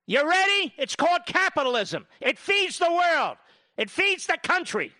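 A man's voice: extremely high pitch, animated, a little slow, bright, forceful tone, no echo, studio quality. A man giving a sarcastic grocery-aisle rant, rattling off long lists of items. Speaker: commentator. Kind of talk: ranting grocery-store monologue.

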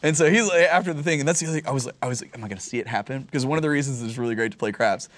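Animated, swearing man telling stories. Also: on the high side, very fast, dry recording. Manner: animated storyteller, swears freely, many fillers. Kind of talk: casual chat.

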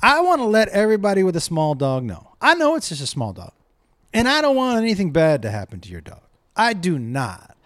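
A man's voice: high-pitched, wildly swooping pitch, a little fast, fairly bright tone. A middle-aged man telling a comic rant to camera, profane and exasperated as he tells a story.

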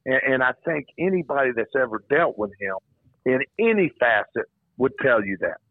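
A man's voice: medium pitch, lively intonation, moderate pace, no echo. Older man rambling over a phone line. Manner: rambling, repeats words as he talks. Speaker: former college football coach, guest. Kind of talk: phone-in radio interview, storytelling. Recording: tinny phone line, dry.

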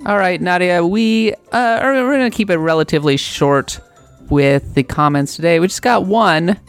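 A woman from Minnesota co-hosting a casual podcast, reading out a listener letter with lively enthusiasm. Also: lowish voice, moderate pace, faint music behind. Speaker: podcast co-host.

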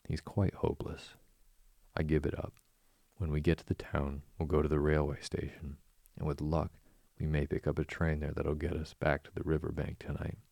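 A man's voice: rumbling low, completely flat delivery, normal speed, vocal fry, no echo, exaggerated voice. A man voicing a stern, practical male water rat who speaks firmly and sharply in a storybook reading. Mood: firm exasperation. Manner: firm, sharp, exasperated.

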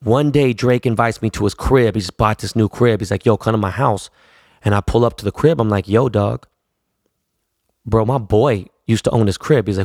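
A man's voice: on the low side, fairly quick, vocal fry, a little mellow, no echo, studio quality. A man in his forties casually telling long rambling stories, full of slang and swearing. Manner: profane, rambling, slangy storytelling. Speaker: podcast host telling stories. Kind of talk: casual storytelling.

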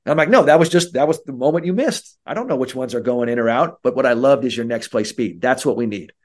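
Animated man coaching on mental skills. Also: mid-range voice, fast. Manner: animated, acts out kids' and coaches' voices. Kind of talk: podcast interview.

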